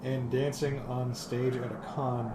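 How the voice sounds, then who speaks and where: A man's voice: mid-range voice, flat delivery, measured pace, mellow, a little hiss or hum. A man playing a game on stream, chatting casually and dropping dry jokes. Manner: dry, joking asides. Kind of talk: casual chat while gaming.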